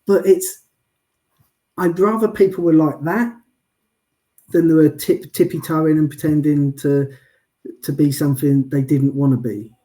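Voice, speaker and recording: A chatty man with a mellow, slightly high voice is a wheelchair athlete guesting in a casual interview chat. He speaks at a measured pace with frequent pauses, calls himself sarcastic and deadpan, says "I'll be honest with you" often, and restarts his stories a lot.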